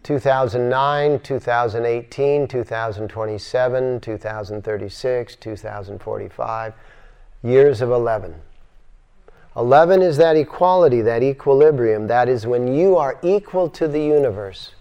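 An older man giving a spiritual lecture to a class in a yoga center, animated and acting out voices as he repeats his phrases. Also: mid-range voice, normal speed, clean tone, muffled recording.

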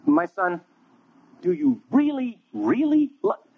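A man's voice: high voice, sing-song, slow pace, slightly rough, voice pushed up, exaggerated voice. A man doing a tender, grieving rabbi. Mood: pleading. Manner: soft, tender, pleading. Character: gentle grieving rabbi speaking to his disciple. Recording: tinny phone-like line.

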